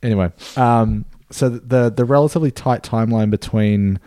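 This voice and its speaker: Laid-back New man, mellow voice. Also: medium pitch, moderate pace, dry recording. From New Zealand. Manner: laid-back, rambling, many fillers and swearing. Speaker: podcast co-host. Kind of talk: casual chat.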